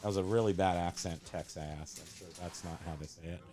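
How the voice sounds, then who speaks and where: A man's voice: low-pitched, fairly even intonation, fast, warm tone. Rambling, jokey man hosting casual chat. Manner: rambling, jokey, self-correcting. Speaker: host. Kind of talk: casual show-and-tell chat.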